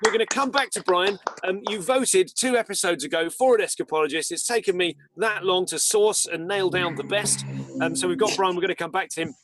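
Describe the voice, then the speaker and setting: A man's voice: sits high, brisk, heavy background noise. A man hosting a live-streamed comedy show, wry and rambling, with asides and the odd swear word. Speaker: host.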